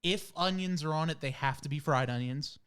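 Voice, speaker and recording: Co-host, male, somewhat high voice, easygoing, hesitant fillers. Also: fairly quick, a bit bright, clear, resonant tone. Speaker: podcast co-host. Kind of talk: casual chat.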